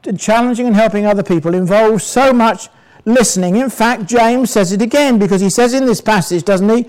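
An older man from England preaching a sermon in a conversational way, asking his congregation questions and slowing down to stress scripture. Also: high voice, a little mellow, low-quality recording.

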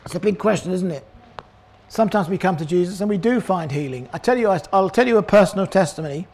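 An older man preaching a sermon, animated, acting out the voices of people in the story. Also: high-pitched, fast. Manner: animated, acts out voices of crowd and characters.

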